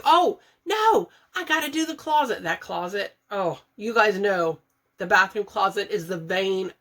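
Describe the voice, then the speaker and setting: Direct: chatty woman tidying her bathroom, gravelly edge. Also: sits high, a bit bright. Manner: chatty, laughs often, thinks aloud. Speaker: budget and declutter vlogger. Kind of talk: casual chatty vlog, talking to viewers while organizing. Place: home bathroom. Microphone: camera set up nearby, moved around.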